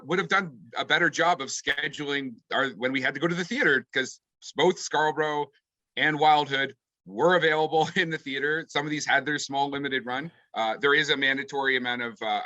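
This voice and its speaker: A man with a bright, forward voice, chatting casually and laughing at himself as he hosts. The recording is close and dry with no room sound. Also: medium pitch, no echo, lo-fi sound. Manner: chatty, self-deprecating, laughs often. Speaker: podcast host. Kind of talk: casual chat.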